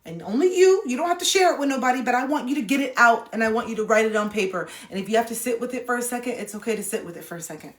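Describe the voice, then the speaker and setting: A woman hosts a casual livestream giving spiritual advice, speaking rapid-fire with few pauses in a fairly high voice with lively intonation. She's blunt and preachy, using slang, and her phone recording sounds echoey.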